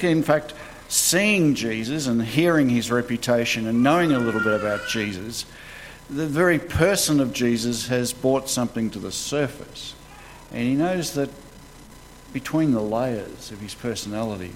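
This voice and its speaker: A man preaches in a casual, storytelling way and uses plain, colloquial phrases as he walks through a scripture passage. His voice sits at a middling pitch. It carries a long hall reverb with a faint hiss of background noise. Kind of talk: conversational sermon.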